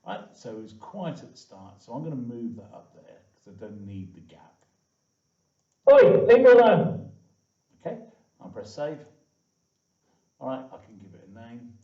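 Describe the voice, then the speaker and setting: A man's voice: on the low side, lively intonation, moderate pace, dark tone. A man teaching a coding tutorial to viewers in a chatty way, full of "okay" and "all right". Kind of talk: screen-recorded coding tutorial. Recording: echoey, distant, dull lo-fi room sound.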